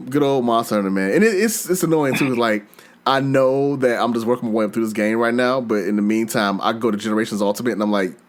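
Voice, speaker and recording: A man's voice: medium pitch, quick pace. A man hosting a podcast, chatting casually and acting out his own reactions as he tells gaming stories. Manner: animated storyteller, acts out his own reactions. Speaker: podcast host.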